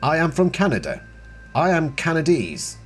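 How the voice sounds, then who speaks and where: A man's voice: a little high, very animated, moderate pace, faint music behind, voice pushed up. A man voicing an alien posing as a human boy, speaking in a stiff, stilted way.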